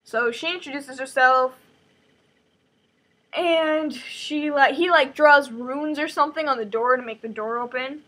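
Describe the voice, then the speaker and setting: Brief: bright, high-voiced woman, chatty book recap, jokey asides. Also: measured pace, low-quality recording. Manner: chatty, joking, lots of fillers like "like". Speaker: host retelling a book chapter.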